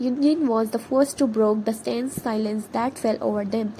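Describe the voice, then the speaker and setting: A woman reading her fan fiction story aloud as a narrator, steady with occasional slips. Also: a little high, moderate pace, a little hiss or hum, rough recording. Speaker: fan fiction author and reader.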